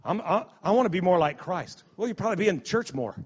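A man's voice: high-pitched, animated, fast, husky. A male pastor preaching a sermon in a conversational, repetitive way, often restarting his sentences. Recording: dull sound with long hall reverb.

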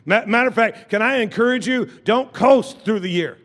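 In a church sanctuary, a pastor with an extremely high, fairly bright voice preaches a sermon from the pulpit at a moderate pace, the sound echoing as in a big room. He leads call-and-response with the congregation, repeating phrases and restarting sentences.

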